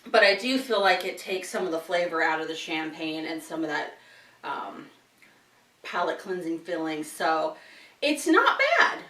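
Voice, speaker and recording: In a casual tasting vlog, a chatty woman hosting a wine and chocolate tasting talks while chewing and laughs often. Her voice sits low and a bit bright, with fairly even intonation at a moderate pace, recorded roomily from a distance.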